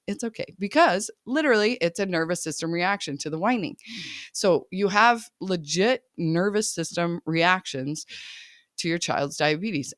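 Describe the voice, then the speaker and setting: A woman's voice: fairly low pitch, no room sound, clean studio sound. A woman podcast host talking casually as a life coach, chatty, often laughing and checking in with listeners.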